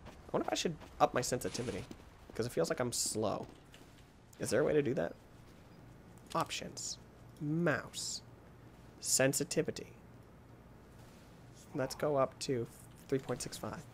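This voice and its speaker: A man hosting a gaming channel, giving excitable let's play commentary that swings into yelps and shouts when frustrated, often mocking himself. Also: medium pitch, slight background noise.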